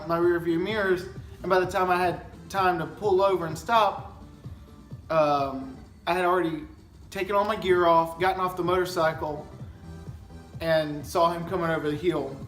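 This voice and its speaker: Young man, easygoing sheepish storyteller, roomy sound, soft music under. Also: high voice, steady tone, moderate pace. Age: young adult. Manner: sheepish, laid-back storyteller. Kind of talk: casual chat. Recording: echoey room with music behind.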